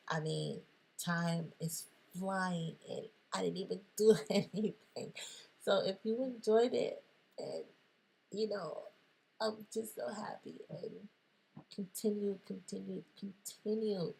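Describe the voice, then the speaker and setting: A woman talking playfully in a motivational monologue, animated, jumping between whispers and sudden squeals. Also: lowish voice, vocal fry, slightly rough. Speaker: motivational vlogger.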